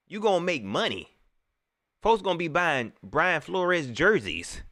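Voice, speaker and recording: Bright, lively male host, emphatic casual live-stream rant, dry close sound. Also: a little high, measured pace, no echo. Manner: animated, emphatic, repeats phrases.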